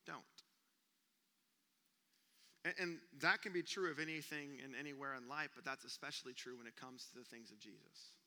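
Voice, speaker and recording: Young guy preaching in a church, high voice, acts out every gasp, big hall echo. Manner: animated storyteller, acts out sounds and gasps. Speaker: youth pastor. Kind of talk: sermon with a comic story. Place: church auditorium. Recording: long reverb of a church hall.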